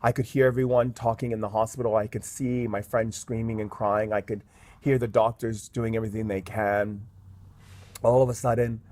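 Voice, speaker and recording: A man's voice: fairly low pitch, little pitch movement, normal speed, a little mellow. A man, a guest shaman in an interview, telling a story earnestly with many fillers. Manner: earnest, with frequent "um" and "like".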